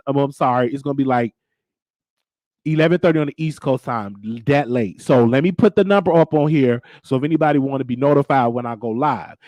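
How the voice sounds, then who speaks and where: A slightly high, darkish-toned male voice comes through a dry recording. He's a host and comic talking casually to his live-stream viewers with plenty of sass, calling them "baby" and regularly asking "okay?"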